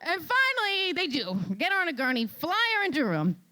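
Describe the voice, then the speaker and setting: Animated New York woman telling a comic story. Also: extremely high pitch, fairly quick. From Queens, New York. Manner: animated, exclaiming, peppered with "right?". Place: event stage before an audience.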